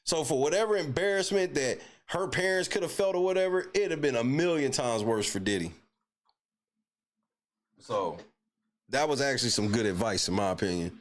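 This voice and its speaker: A man hosting a live stream and riffing in blunt, profane bursts. His voice sits at a middling pitch and keeps the loose feel of casual commentary. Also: animated, normal speed. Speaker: livestream host.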